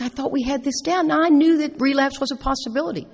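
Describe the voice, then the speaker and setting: Middle-aged woman talking at a recovery meeting, jokey animated stories, big echoey hall. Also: sits high, quick pace. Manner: storytelling, animated, playful asides. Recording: echoey hall with long reverb.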